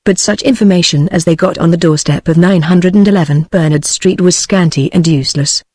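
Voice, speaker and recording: A text-to-speech voice of a woman with a British English accent, reading a novel aloud in an even, steady way. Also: lowish voice, brisk, hardly any pauses, dry recording, clean studio sound. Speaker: audiobook narrator. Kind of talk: synthetic audiobook reading.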